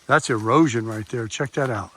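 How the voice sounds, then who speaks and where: A man's voice: medium pitch, moderate pace, bright, forceful tone. Older male trail vlogger, chatty and folksy, camera mic outdoors in the woods. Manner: chatty, talks to viewers while walking. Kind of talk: casual hiking vlog. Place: wooded hiking trail outdoors. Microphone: camera mic, no external microphone.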